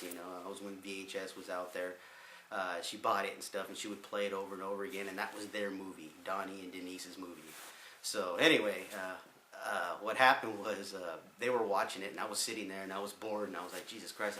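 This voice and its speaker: Low-voiced man telling rambling stories. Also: pushed and bright, roomy sound, a little hiss or hum. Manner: rambling, with many fillers and restarts. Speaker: vlogger. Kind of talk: casual storytelling.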